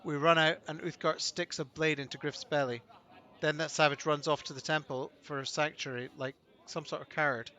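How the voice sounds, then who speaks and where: A man's voice: a little high, fairly even intonation, moderate pace, sharp tone, dull audio. A man voicing a plain-spoken male witness in a video game. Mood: blunt.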